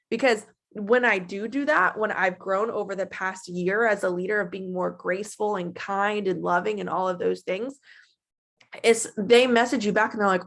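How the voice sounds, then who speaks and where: A woman in her twenties giving a casual, animated motivational talk to her team, chatty and full of feeling. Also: mid-range voice, normal speed. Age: 20s. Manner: animated and chatty, acting out her own past voice.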